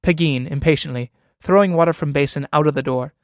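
A man's voice: on the high side, fast talker, no room sound, studio quality. Man reading stage directions. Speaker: reader.

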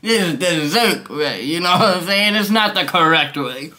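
A young man vlogging at home, high and rambling in loose slang, laughing often. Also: lively intonation, moderate pace, bright, forceful tone. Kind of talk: casual stoned review vlog. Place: his room.

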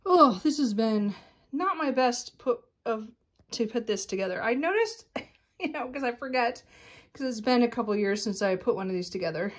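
A woman's voice: fairly high pitch, animated, moderate pace. Chatty woman filming a home vlog. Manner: chatty, rambling, frequent fillers. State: out of breath. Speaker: vlogger. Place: home bedroom closet.

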